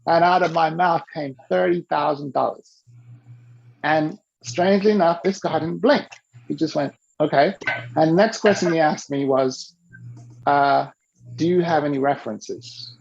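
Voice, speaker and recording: A man coaching a listener through an animated story, acting out the quoted dialogue with lively shifts in his voice. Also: fairly high pitch, unhurried, creaky. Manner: coaching tone, tells the listener to repeat key rules. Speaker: business coach. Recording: dull lo-fi recording.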